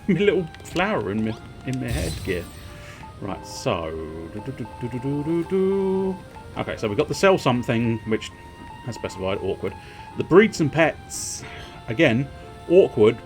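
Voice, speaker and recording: A man's voice: mid-range voice, a little mellow. A man streaming a video game, rambling in casual commentary with wry, chuckling asides.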